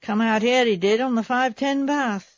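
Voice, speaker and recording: A woman's voice: fairly high pitch, moderate pace, dry recording, voice pushed up, lightly acted. A woman voicing a plain-spoken male village police sergeant with a homely, apologetic, colloquial manner. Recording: slightly dull recording.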